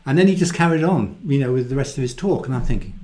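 Animated man teaching the Bible. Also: mid-range voice, quick pace. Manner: animated, acts out quoted voices, laughs often.

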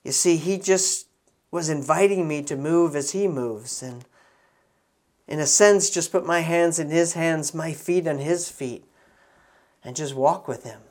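A middle-aged man preaching in a relaxed storytelling way, with frequent restarts and quiet, intimate asides. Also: on the high side, unhurried. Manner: conversational, many restarts, soft intimate asides. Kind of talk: sermon storytelling.

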